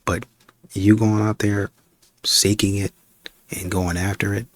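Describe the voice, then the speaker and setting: Deep, flat, blunt man. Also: measured pace, no echo. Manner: blunt, firm. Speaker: reaction show host. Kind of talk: commentary on clips.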